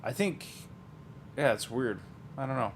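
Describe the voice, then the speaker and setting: A man's voice: mid-range voice, lively intonation, unhurried, a little hiss or hum. A man breaking open trading card boxes, giving a casual, rambling running commentary that drifts into asides with small chuckles.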